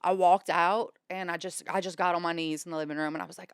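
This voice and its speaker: A woman from Louisiana, a podcast guest telling her recovery story in a lively way and acting out what people said. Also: fast talker, clean tone, no echo, clean studio sound. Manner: animated, acts out quoted dialogue with pitch jumps. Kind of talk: candid storytelling about recovery.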